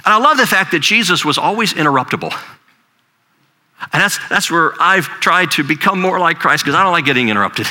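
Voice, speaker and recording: A man's voice: on the high side, animated, a little fast, bright, forceful tone. An older man, a grandfather, preaching a sermon in a conversational storytelling way, often repeating words as he talks. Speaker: pastor.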